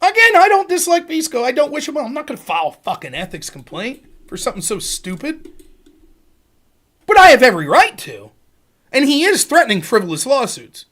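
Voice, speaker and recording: A man's voice: very high-pitched, fairly bright tone. A man hosting a livestream, ranting in a sarcastic, profane way. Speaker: streamer host.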